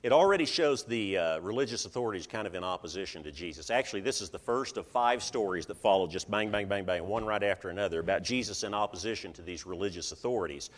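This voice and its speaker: A man preaching a sermon, telling the story with lively, animated delivery and acting out what people think and say. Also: low voice, fast, few pauses, in a large hall.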